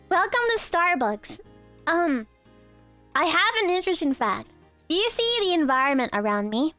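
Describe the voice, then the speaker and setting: A young woman streaming live, who teases her chat in a giggly, playful way while pretending to be a barista and sometimes breaks into squeaky outbursts. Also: lively intonation, normal speed, bright, forceful tone, faint music behind.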